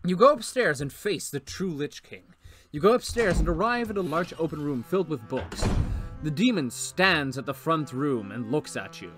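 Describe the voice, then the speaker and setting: Guy reading out an ai adventure game, bouncy lively voice, music playing behind. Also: fairly high pitch, normal speed, no echo. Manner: animated, laughing asides. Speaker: streamer reading an AI story game. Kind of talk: comic read-aloud of a text adventure.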